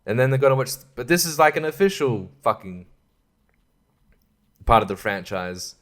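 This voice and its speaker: A man hosting a podcast rambles through a film review in a sarcastic, profane voice. He keeps chuckling at his own jokes, and his everyday voice sits at an ordinary middle pitch. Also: very animated, normal speed, fairly bright tone. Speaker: podcast host.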